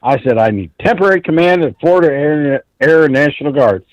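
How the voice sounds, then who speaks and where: A man's voice: fairly high pitch, fairly quick, dry recording, muffled recording. A man calling in to a talk show, telling a long story in an intense, rambling way and swearing often. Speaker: caller.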